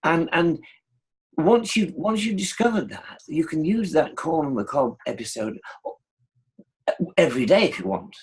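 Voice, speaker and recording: A man's voice: fairly high pitch, lively intonation, moderate pace, pauses often, slightly rough. A man from the United Kingdom, a guest in an interview, speaking emphatically and expressively. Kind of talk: conversational interview.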